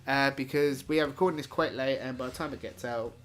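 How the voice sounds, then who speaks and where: A man's voice: mid-range voice, fast talker, fairly bright tone. A young British man hosting a casual review chat, rambling and laughing often as he corrects himself. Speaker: YouTube reviewer and host.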